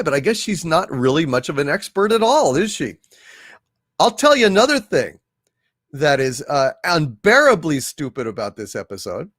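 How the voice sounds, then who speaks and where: A man's voice: on the high side, a bit bright, dry recording, clean studio sound. A man co-hosting a live pop culture show, ranting emphatically and restarting his sentences. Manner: indignant, emphatic, restarts often. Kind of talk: casual live-stream commentary.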